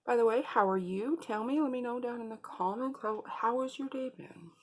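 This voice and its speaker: A woman's voice: fairly high pitch, normal speed. A woman beauty vlogger talking viewers through a makeup tutorial in a casual, chatty way, speaking straight to them.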